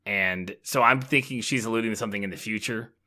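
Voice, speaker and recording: Low, bright-voiced male co-host. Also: quick pace. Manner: relaxed, recaps plot with hesitant fillers. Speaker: podcast co-host. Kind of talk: casual chat.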